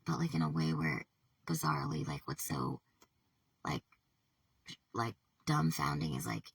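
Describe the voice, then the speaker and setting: A woman vlogger with a rumbling low, husky, animated voice talks to the camera from far off the mic in a dry recording. Her personal monologue rambles and halts, with frequent swearing, thoughts trailing off, and occasional drops into a whisper.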